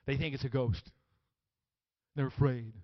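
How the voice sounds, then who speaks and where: A man preaching a sermon, moving from quiet, hushed storytelling to loud, emphatic lines, and acting out the quoted voices with dramatic emphasis. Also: medium pitch, steady tone, measured pace, no echo, lo-fi sound. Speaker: pastor.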